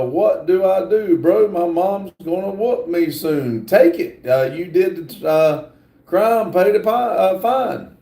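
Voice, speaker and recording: A man from the United States hosting a live stream, reading chat aloud at an unhurried, drawn-out pace. His voice is gravelly and somewhat high, and the room around him rings with echo. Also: dark tone. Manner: slow, reads viewer comments aloud with many uh fillers. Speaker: livestream host reading chat.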